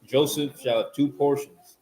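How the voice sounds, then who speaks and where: A man reading scripture aloud at a Bible study, steady and measured through old-style verses. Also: medium pitch. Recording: echoey room with background noise.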